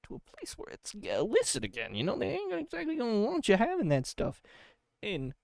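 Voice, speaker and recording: A sleepy man hosts a comedy podcast, rambling through an absurd monologue and tripping over repeated words. His pitch jumps around with lively swings. The recording is dry and close, with no room in it. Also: brisk, creaky, dry recording. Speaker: podcast host.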